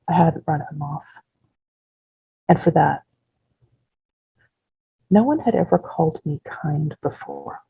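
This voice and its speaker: An author reading her first-person novel aloud in a measured, unhurried way. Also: low-pitched, lively intonation, creaky, warm tone, slightly rough, no echo, dull audio.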